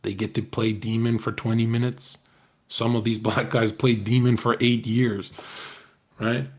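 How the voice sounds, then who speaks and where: Man, streamer, casual livestream talk, rambling, profane, mid pitch. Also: flat delivery, a little slow, darkish tone. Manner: rambling, profane, joking, talks to chat.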